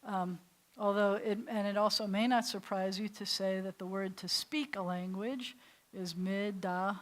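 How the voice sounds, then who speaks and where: A woman's voice: mid-range voice, fairly even intonation, normal speed. An older woman rabbi with a New York accent, teaching a Hebrew class in a chatty, digressive way, laughing easily. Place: synagogue classroom.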